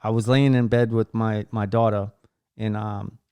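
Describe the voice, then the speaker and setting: A podcast host tells a heartfelt story in a rambling way, cursing casually and restarting sentences, with plenty of fillers. His voice is lowish, warm and smooth, delivered flatly at a moderate pace, and the recording is dry.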